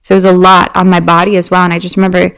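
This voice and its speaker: A woman guest on a podcast, chatting casually and telling animated personal stories with many fillers and restarts. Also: on the low side, racing, smooth, poor audio. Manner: animated storyteller. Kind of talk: casual chat.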